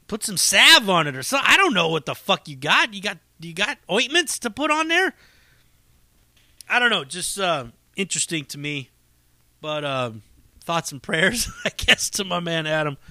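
A man's voice: sits high, pushed and bright, dry recording. A man hosting a podcast, telling stories in a profane, rambling, casual monologue with frequent laughs. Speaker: podcast host and comedy show runner.

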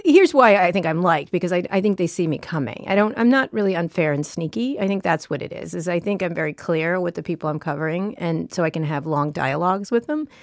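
A woman tech journalist speaking as an interview guest in a studio, blunt, quick-witted and self-assured. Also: on the low side, dry recording. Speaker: technology journalist.

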